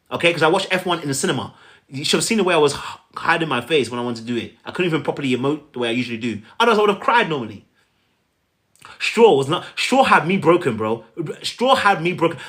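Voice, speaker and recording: A man with a slightly raised voice coaches his viewers on relationships. He talks straight at them, repeating key phrases and acting out little scenes. His delivery is lively and personal. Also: a little high. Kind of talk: coaching talk to camera.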